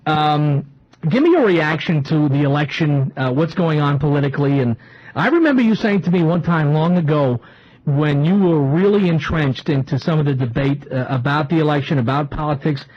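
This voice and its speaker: A man hosting a live talk radio show from a small studio, rambling and excitable, often restarting his sentences. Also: on the high side, moderate pace. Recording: lo-fi radio broadcast.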